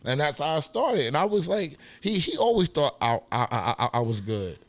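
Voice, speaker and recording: A New York man with a matching accent, speaking at a moderate pace in a voice on the high side, with no room sound. He's a podcast guest telling casual, profane stories in an interview, animated and acting out other people's lines in a raised voice.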